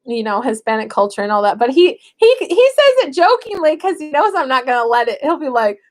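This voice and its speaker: A young adult woman and mother, chatting casually to camera in a lively, animated way. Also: sits high, brisk, hardly any pauses. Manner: chatty, animated, acts out what she tells her kids. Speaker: stay-at-home mother starting homeschooling. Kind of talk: casual vlog chat.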